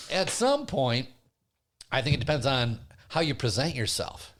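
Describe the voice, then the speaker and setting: A middle-aged man with a fairly high, lively voice, swinging his pitch up and down as he tells a funny story. He talks in a gregarious, animated way, hosting a casual studio chat. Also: normal speed. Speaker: podcast host and comedian.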